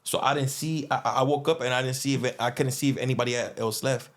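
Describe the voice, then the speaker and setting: A man's voice: medium pitch, steady tone, fast talker. A man telling a long prison story in casual, slangy talk, with many restarts and fillers, and acting out the lines of other people.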